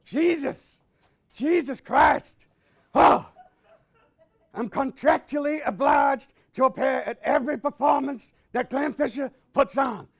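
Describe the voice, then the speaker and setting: A man playing a brash, self-obsessed male copywriting guru in a live stand-up character bit, loudly bossing and bragging to the audience. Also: extremely high pitch, lively intonation, moderate pace, gravelly, exaggerated voice. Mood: mock outrage. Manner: loud, boastful, bossy with audience. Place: live audience event indoors.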